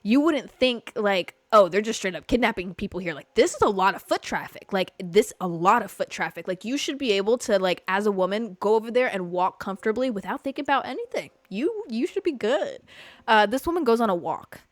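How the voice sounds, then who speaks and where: A young woman hosting a podcast, telling a story in casual chat, animated, full of fillers and swearing. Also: mid-range voice, fairly quick, no echo. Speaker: podcast host. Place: Los Angeles.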